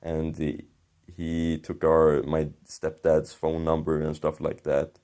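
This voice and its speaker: A young man with a low voice rambles through an embarrassing story from his past. He swears often and chuckles at himself, keeping it loose and conversational. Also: completely flat delivery, takes it slowly, mellow. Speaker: commentary channel host. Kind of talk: casual storytelling.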